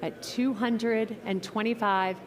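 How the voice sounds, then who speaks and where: A woman working as an auctioneer at a live car auction, calling bids in brisk patter and teasing the bidders. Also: on the high side, fairly even intonation. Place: auction tent at an outdoor car show.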